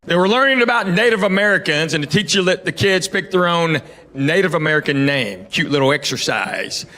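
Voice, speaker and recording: High-voiced middle-aged man doing stand-up. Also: lively intonation, brisk, sharp tone. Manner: drawling, conversational storytelling with crowd asides. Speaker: stand-up comedian. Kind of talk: stand-up comedy routine. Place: comedy club stage with a live audience. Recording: live club recording with audience noise.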